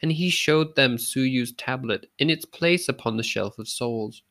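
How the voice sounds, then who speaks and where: A male storyteller reads a folk tale aloud. His pitch sits in the middle range, and his pacing is measured and unhurried. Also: a bit bright. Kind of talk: scripted narration of a folk tale.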